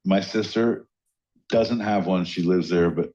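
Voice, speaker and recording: A man hosting a podcast, teasing his co-hosts in loose comedic banter full of swearing. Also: unhurried. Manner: swearing, teasing, lively swings in pitch. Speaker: podcast host. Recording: dull lo-fi podcast audio.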